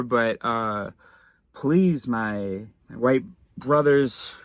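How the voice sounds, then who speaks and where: A man giving a sardonic, rambling satirical monologue at his screen, switching suddenly between low mutters and louder bursts. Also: moderate pace, no echo. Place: home desk, recording his screen.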